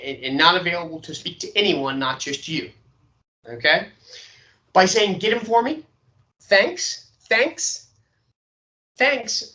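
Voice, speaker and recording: A man's voice: fairly high pitch, pushed and bright, poor audio. A man teaching a sales training lecture, checking in often with "okay?" and demonstrating inflections.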